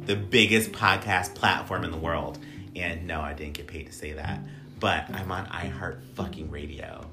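Low-voiced man hosting a loose podcast. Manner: loose, joking, rambling with fillers and asides. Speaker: podcast host. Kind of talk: casual podcast chat.

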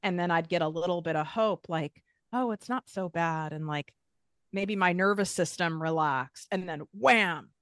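A woman's voice: on the low side, moderate pace, fairly bright tone, no echo, studio quality. A woman guest talking candidly about her own past, frank and emphatic, swearing casually. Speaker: podcast guest. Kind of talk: candid personal conversation.

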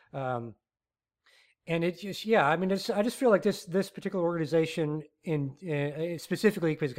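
A man with a somewhat higher voice hosts his own podcast in a solo rant. He talks in an animated, rambling way, circling back with frequent fillers and restarts. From Texas. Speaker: podcast host.

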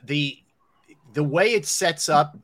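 A man's voice: fairly high pitch, slow pace, a bit bright. Male sports talk host, casual, steers segments. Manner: conversational, steers the show to breaks and segments.

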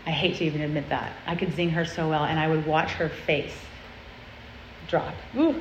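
A woman's voice: low-pitched, flat delivery, normal speed, slight background noise. A woman delivers an earnest, confessional sermon to a group of girls, keeping it conversational with frequent check-ins to her listeners. Her voice carries through a roomy hall, slightly muffled, with faint ambience behind her. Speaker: speaker at a girls' church event.

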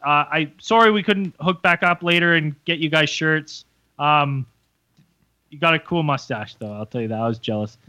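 A man's voice: moderate pace, no room sound, muffled recording. A man co-hosting a podcast, telling a story in casual chat with lots of swearing, acting out the people he quotes. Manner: animated, swearing, acts out quotes in high voices. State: hungover. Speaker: podcast co-host.

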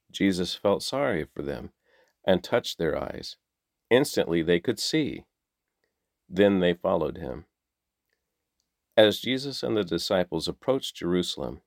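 Deep-voiced man reading scripture slowly. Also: no room sound, clean studio sound. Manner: slow, measured, steady reading. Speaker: Bible reader.

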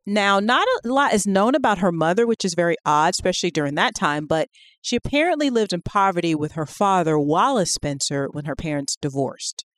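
A chatty woman co-hosting a podcast, with a fairly low voice. She talks loosely, full of fillers and quick asides. The sound is dry and close, with no room around it. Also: dry recording. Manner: chatty and animated, with many fillers. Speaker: podcast co-host. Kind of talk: casual podcast chat.

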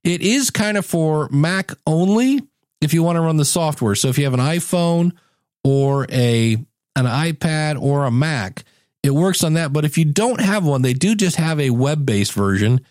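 A man's voice: on the high side, animated, moderate pace, darkish tone, no room sound, studio quality. A man hosting a casual solo podcast, chatty and self-mocking, often acting out little quoted lines. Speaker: podcast host.

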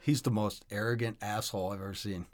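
A podcast co-host in casual chat, laid-back and joking, quick to laugh along. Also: low voice, steady tone, no room sound.

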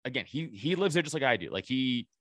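Profane, animated man telling a story. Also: mid-range voice, fast, no room sound. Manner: profane, animated storyteller acting out quoted voices. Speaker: podcast guest. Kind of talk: casual storytelling chat.

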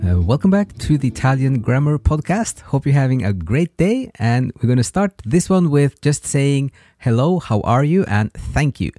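A man's voice: no echo, faint music behind. A man hosting a language podcast, patiently teaching basic Italian greetings. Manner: slow, patient, lively pitch when modeling words. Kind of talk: slow language lesson.

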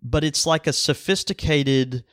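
A man's voice: fairly high pitch, a little slow, fairly bright tone, no echo, studio quality. A man co-hosting a podcast, explaining things casually with self-deprecating humor. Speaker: podcast co-host. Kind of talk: casual chat.

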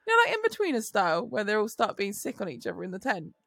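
Gravelly, lively woman co-host. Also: mid-range voice, very fast, no echo, studio quality. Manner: storytelling, laughs often, swears casually. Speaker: podcast co-host. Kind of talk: casual chat.

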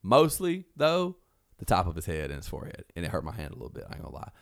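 Deep gravelly man telling a wild story. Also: fast talker. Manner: animated, swearing, acts out quotes in raised voices. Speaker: storyteller guest. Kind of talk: casual storytelling.

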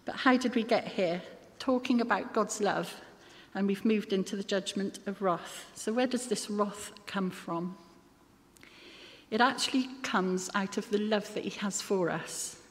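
A woman's voice: medium pitch, unhurried. A woman preaching a sermon in an earnest manner, with occasional self-deprecating asides. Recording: long hall reverb.

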